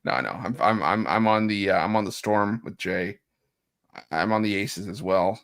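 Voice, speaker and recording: Gravelly-voiced joking man. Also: on the low side, moderate pace, fairly bright tone. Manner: teasing, joking banter with restarts. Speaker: sports betting show co-host. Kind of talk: casual sports betting chat.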